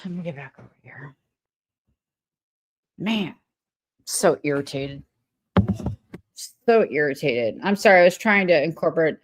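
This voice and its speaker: A woman livestreaming in a rambling, irritated way, swearing often. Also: deep voice. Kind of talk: casual livestream chat.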